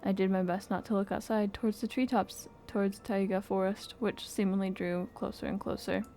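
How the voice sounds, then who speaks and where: Give me a woman with a warm, mellow voice reading game narration expressively. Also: medium pitch, flat delivery, a little fast, soft background music. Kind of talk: reading game text aloud.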